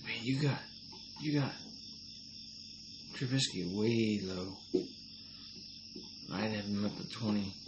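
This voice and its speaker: A man's voice: on the low side, slow pace, pauses often. A man co-hosting a casual sports rankings chat, plain-spoken, answering in short agreements and firm opinions. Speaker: co-host, the father. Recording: clear background noise.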